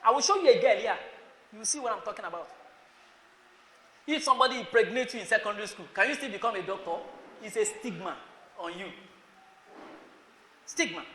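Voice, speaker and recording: Nigerian preacher with a high, bright voice. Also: male voice, a little fast, pauses often, a little hiss or hum. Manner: scolding, rhetorical questions, calling on listeners by name. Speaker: preacher to students. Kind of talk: sermon. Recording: echoey hall.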